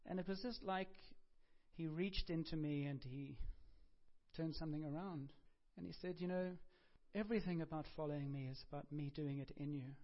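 A man preaching a sermon, telling stories conversationally with asides, self-corrections and dry humor. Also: a little high. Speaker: pastor. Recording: dull lo-fi sound.

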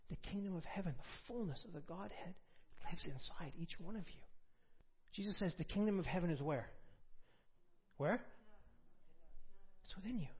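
A man preaching a sermon, telling a personal testimony in an animated way and building to forceful preaching, in a dull lo-fi recording. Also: high voice, slightly rough.

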